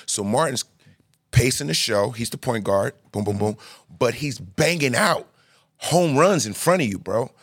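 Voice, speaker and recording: A man hosting a podcast, telling stories in a casual, animated, slangy way. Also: mid-range voice, a little slow, breathy edge, no room sound, studio quality. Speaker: podcast host. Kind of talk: casual storytelling chat.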